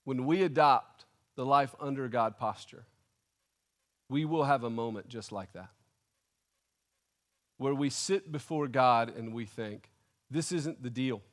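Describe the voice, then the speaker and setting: A man preaching a sermon, telling a comic personal story with animated, indignant storytelling. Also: mid-range voice, unhurried, pauses often. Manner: animated storytelling, acting out his own indignation. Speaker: pastor.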